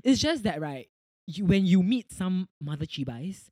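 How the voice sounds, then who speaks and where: A young man with a Singaporean English accent, hosting a podcast and telling a work story in a profane, animated way, acting out the people in it. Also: high voice, measured pace, no room sound, studio quality. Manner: animated, profane, acts out callers in quoted voices. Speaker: podcast host. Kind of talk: casual storytelling chat.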